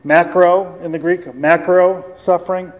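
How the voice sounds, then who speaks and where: A man preaching a sermon as pastor, teaching earnestly with pauses and repeated phrases, and slowing down to read scripture aloud. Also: high-pitched, little pitch movement. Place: church. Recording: long hall reverb.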